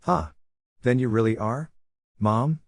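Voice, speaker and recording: A man's voice: on the low side, lively intonation, a little fast, darkish tone, no room sound, clean studio sound. Naruto, a man reading as a brash young ninja. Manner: eager, stammering when moved.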